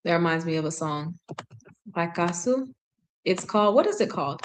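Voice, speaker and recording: A woman, casually reading aloud and translating on a live stream, chatty and quick to correct herself. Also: fairly low pitch, animated. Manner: chatty, self-correcting, laughs at herself, drops into sung snippets. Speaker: language learner streaming a reading session.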